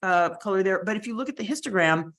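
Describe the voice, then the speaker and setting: A woman's voice: mid-range voice, lively intonation, fast, fairly bright tone. A woman instructor walking through a photo editing tutorial in a chatty, explanatory way, with fillers and asides. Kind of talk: screen-share software tutorial.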